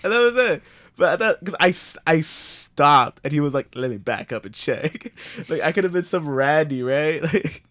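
A man's voice: fairly high pitch, normal speed, no echo. A young man co-hosting a podcast, telling stories and acting out what people said, with lots of laughing. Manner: lively storyteller, jokey, acts out dialogue. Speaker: podcast co-host. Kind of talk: casual chat.

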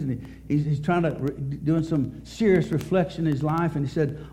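A middle-aged male pastor preaching a sermon at a church service, telling a story in a halting way, often repeating words. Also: fairly high pitch, mellow.

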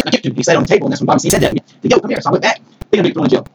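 A man from Mississippi, telling a story as a podcast guest, rambling and excited with many restarts. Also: sits high, very fast. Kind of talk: casual storytelling. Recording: noisy recording.

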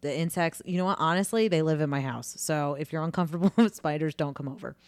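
A woman co-hosting a casual podcast, bubbly and quick to laugh as she retells her stories with drama. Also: deep voice, darkish tone, dry recording. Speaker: podcast co-host. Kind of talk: casual chat. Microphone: desk mic on arm.

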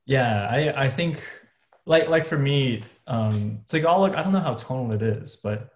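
A man hosting a podcast, talking in a relaxed, informal and chatty way. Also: medium pitch, a little slow. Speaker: podcast host. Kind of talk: casual chat. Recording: roomy echo.

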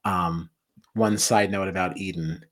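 A man's voice: low voice, steady tone, a little slow. A man co-hosting a podcast, animatedly recapping a reality show in casual chat, often laughing and acting out what people do. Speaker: podcast co-host.

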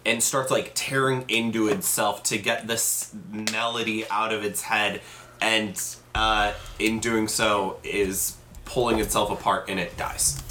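Bright-voiced man running a tabletop game. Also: on the low side, fairly even intonation, measured pace, slight background noise. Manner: hesitant, lots of ums, apologetic asides. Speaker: game master.

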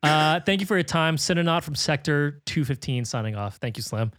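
A man's voice: a little high, animated, fairly quick, fairly bright tone, no echo, studio quality. A man hosting a film podcast, chatting casually and reading out listener emails, upbeat and laughing often. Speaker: podcast host.

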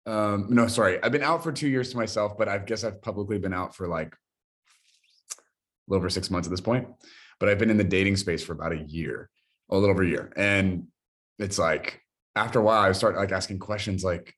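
A man's voice: deep voice, a little fast, fairly bright tone. A man hosting a podcast, asking curious, probing questions in a casual way, with plenty of filler words. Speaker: podcast host. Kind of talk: casual interview chat.

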